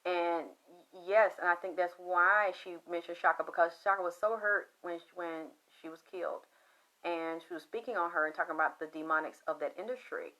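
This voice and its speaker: A woman telling a story in a loud, profane, excitable monologue, acting out the voices she quotes. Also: lowish voice, fairly quick. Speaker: spiritual commentator.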